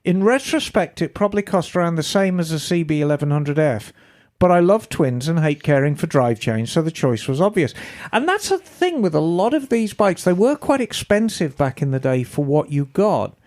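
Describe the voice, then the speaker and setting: A woman hosting a podcast, chatting casually and reading listener emails in a lively, storytelling way. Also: low voice, normal speed. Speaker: podcast host.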